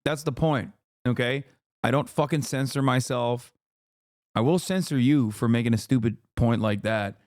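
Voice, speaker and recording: A man's voice: medium pitch, normal speed, darkish tone, no room sound, studio quality. A man streaming live, ranting with heated, profane commentary on a clip he is reacting to.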